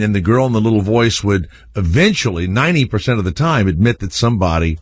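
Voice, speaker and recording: A man's voice: lowish voice, animated, quick pace, breathy edge, no echo. A man hosting a radio talk show, joking and rambling with restarts as he takes calls.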